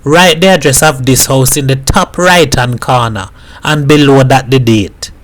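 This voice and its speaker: A man doing a gruff, earnest Caribbean teacher type. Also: medium pitch, a little slow, fairly bright tone, close to an everyday voice, rough recording. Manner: gruff and interested, with Caribbean dialect. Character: gruff, earnest middle-aged man, fond of lessons.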